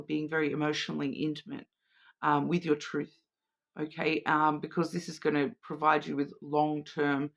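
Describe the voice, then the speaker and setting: A woman talks through an intuitive card reading in a casual, wandering way. Her voice is bright and forward. She hesitates, repeats words and restarts her phrases as she goes. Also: sits low, creaky. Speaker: tarot and oracle card reader.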